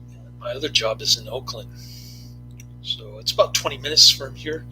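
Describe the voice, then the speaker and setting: A man talking casually as a movie reviewer, rambling and halting with many fillers and restarts. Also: mid-range voice, bright, forceful tone, faint music behind, rough recording.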